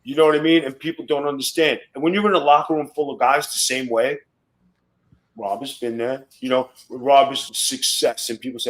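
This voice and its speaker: A middle-aged man, a guest on a podcast, telling wrestling stories in rough, swearing-heavy casual talk. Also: medium pitch, steady tone, fairly quick, a bit bright, poor audio. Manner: profane, boastful storytelling.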